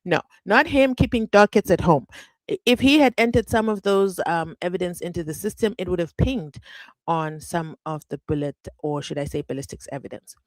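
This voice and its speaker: Woman, livestream host, lower voice, chatty and animated, dry close mic. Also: normal speed, no room sound. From South Africa. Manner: chatty, animated, reads comments aloud. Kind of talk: casual live commentary.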